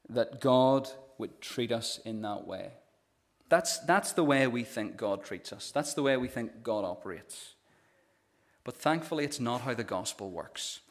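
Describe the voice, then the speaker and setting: A male pastor delivering a sermon earnestly, retelling a parable and often repeating first sounds as he starts phrases. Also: medium pitch. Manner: earnest, storytelling, frequent stammered restarts.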